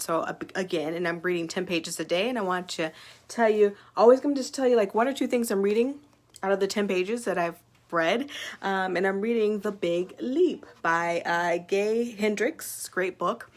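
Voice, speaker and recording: A small business owner, a woman with a mid-range voice at a moderate pace, talks casually to camera, sharing personal growth ideas with her followers in an upbeat, chatty style packed with fillers.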